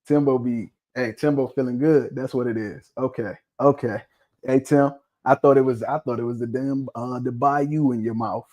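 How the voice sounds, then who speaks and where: A man's voice: mid-range voice, fairly even intonation, moderate pace, darkish tone, dull audio. A man hosting a livestream in a loose, joking, profane way, laughing often. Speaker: livestream host. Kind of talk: casual livestream chat.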